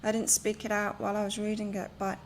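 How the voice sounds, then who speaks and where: A woman's voice: medium pitch, monotone, fast, slight background noise. A woman reading tarot and oracle cards on a live stream from her home, chatting and rambling as she gives spiritual advice. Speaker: tarot and oracle card reader.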